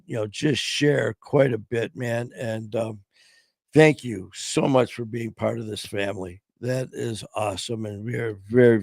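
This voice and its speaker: A middle-aged man hosting a casual live-stream chat, his voice going hoarse, talking in a loose, heartfelt way full of "man" and "you know". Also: lowish voice, a little mellow, dry recording. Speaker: podcast host.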